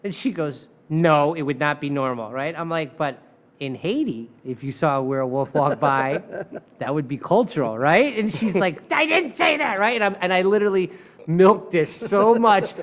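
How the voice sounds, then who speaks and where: A man, a lawyer, telling a courtroom story in casual podcast chat, animated and profane, acting out the people he quotes. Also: a little high, moderate pace.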